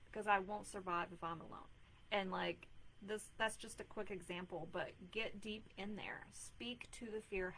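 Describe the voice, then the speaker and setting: A woman's voice: mid-range voice, fairly bright tone, a little hiss or hum, rough recording. A woman in her thirties giving earnest, chatty advice on a live video stream, with lots of filler words. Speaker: mom life coach hosting a live video. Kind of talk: casual live-stream talk.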